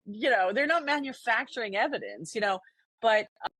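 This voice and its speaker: A woman's voice: fairly high pitch, expressive, brisk, fairly bright tone, slightly rough, no echo. A woman co-hosting a podcast, talking earnestly and reflectively in casual conversation, often restarting her sentences. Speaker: podcast co-host.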